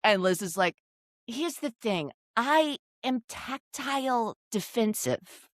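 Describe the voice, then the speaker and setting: A woman co-hosting a casual recap podcast, telling the story in an animated way and acting out quotes with frequent laughter. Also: a little high, slow pace, dry recording, clean studio sound. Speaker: podcast co-host.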